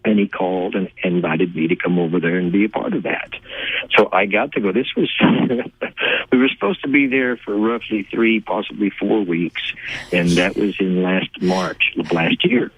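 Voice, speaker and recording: A deep, husky older man with a Texan accent talks warmly and eagerly, laughing between his stories. His voice comes down a narrow, tinny phone line. The sound is dry and close. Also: moderate pace, dry recording. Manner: warm, laughing, enthusiastic storyteller. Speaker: guest actor. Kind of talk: phone interview, casual storytelling. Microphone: telephone.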